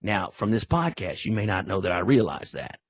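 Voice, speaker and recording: A man's voice: deep voice, normal speed, slightly rough, dry recording. A middle-aged man, a veteran football referee, telling stories in a casual podcast interview and acting out sideline exchanges. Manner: animated storyteller, acts out sideline exchanges.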